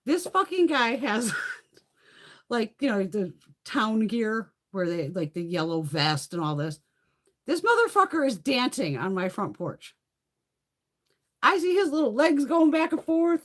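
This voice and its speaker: A woman's voice: medium pitch, sing-song, moderate pace. Blunt, swearing woman chatting on a livestream. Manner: profane, blunt storytelling, reads viewer comments. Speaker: livestream host. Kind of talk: casual livestream chat.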